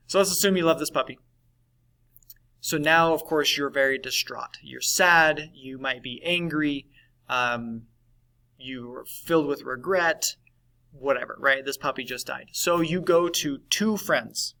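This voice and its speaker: Male teacher, bright, slightly higher voice, conversational lesson delivery with frequent check-ins. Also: slow, gravelly, pauses often, poor audio. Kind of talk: recorded class lesson on validation.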